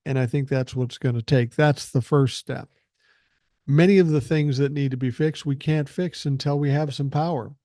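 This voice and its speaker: A man's voice: mid-range voice, steady tone, moderate pace, mellow, no room sound. An older man hosting a podcast, delivering a blunt, profane and angry political monologue into a close mic. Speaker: podcast host.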